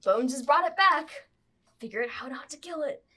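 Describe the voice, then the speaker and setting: A woman's voice: high-pitched, expressive, normal speed, noisy background. A woman narrating a tabletop game as game master, chatty and explanatory.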